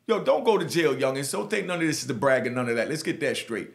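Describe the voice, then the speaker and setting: A man's voice: expressive, quick pace, vocal fry. A middle-aged man from New York with a Jamaican New York accent, telling his prison stories in street slang with many "you know what I mean" asides. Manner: acts out other voices, dropping low and soft for them. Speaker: storyteller recounting prison life. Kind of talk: casual spoken storytelling.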